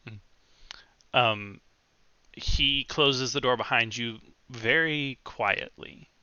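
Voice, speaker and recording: Slow, halting game master man. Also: medium pitch, sharp tone, clean tone, no room sound, lo-fi sound. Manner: slow, halting narration with many fillers. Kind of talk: narrating a tabletop game.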